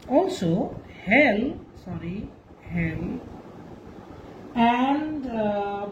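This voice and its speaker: Slow, lively woman teaching a lesson. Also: medium pitch, lo-fi sound, slight background noise. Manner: slow and deliberate, with restarts and emphasis. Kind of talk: literature lecture.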